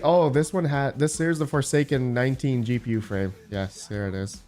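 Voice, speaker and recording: A man's voice: mid-range voice, steady tone, moderate pace, hardly any pauses, a little mellow, soft background music. A man hosting a casual live stream, rambling as he thinks aloud and answers his chat.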